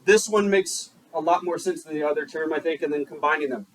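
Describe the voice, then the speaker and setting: A man's voice: fairly high pitch, a little fast, slight background noise, poor audio. A male teacher giving a classroom lecture, joking and putting questions to the class. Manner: joking, keeps quizzing the class.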